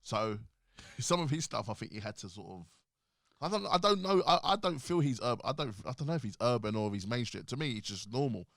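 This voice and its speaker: A man's voice: mid-range voice, expressive, brisk, a bit bright, no echo. A man hosting a casual chat in a studio, talking animatedly, laughing often and restarting his sentences. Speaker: podcast host.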